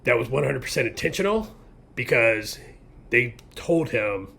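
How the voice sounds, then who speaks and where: A man's voice: mid-range voice, lively intonation, normal speed, sharp tone, slightly rough. A man co-hosting a podcast, talking bluntly in a rambling way with lots of filler words. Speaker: podcast co-host. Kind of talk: casual opinionated chat.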